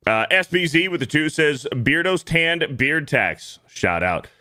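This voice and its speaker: A man's voice: on the high side, expressive, a little slow, pushed and bright. A man hosting a casual livestream, cursing freely and reading out viewer donations and messages. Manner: profane, loose, reads donor messages aloud. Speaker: show host reading super chats.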